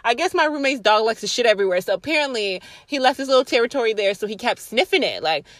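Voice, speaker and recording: A young woman spins a casual story to her viewers, swearing freely and breaking into laughter. Her voice sits fairly high and moves a lot, swinging up and down with the telling. The recording is dry and close, with no room sound. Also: fast, no room sound. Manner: profane, animated, laughing storyteller. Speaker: vlogger.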